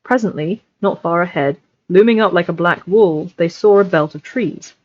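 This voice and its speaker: A woman's voice: on the low side, moderate pace, a little mellow. A woman reading a novel aloud on a livestream, chatty and scattered, with asides, over a desk mic. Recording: lo-fi livestream audio.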